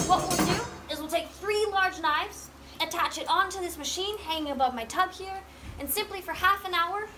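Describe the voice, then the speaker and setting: A woman's voice: extremely high pitch, heavy background noise. A woman leading a guided tour on a cheese farm, chatty and quizzing her group with questions. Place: working cheese farm dairy.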